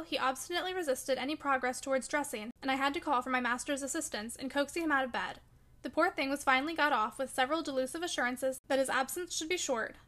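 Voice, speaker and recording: A woman narrating a classic novel as an audiobook, with clear, steady storytelling. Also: high-pitched. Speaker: audiobook reader.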